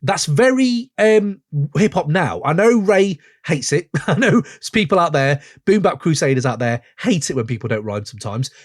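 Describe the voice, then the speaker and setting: A man in his forties hosting a podcast, reviewing a song in an excitable, gushing way full of rambling asides. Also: on the high side, normal speed. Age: 40s. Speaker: podcast host. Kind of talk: casual music review chat.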